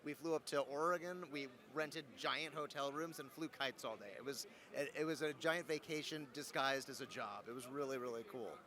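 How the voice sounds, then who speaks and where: A young adult voice actor, appearing as a guest in a casual interview, tells stories in a playful, joking, animated way. His voice is mid-range, and he speaks at a normal speed with hardly any pauses.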